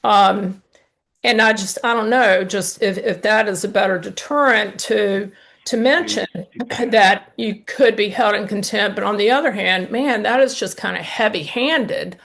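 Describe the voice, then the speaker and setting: A woman with a gravelly, creaky voice. She thinks aloud on a panel, hesitant and folksy, with many fillers. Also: mid-range voice, a little slow, a bit bright. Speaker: mediator. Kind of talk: panel discussion.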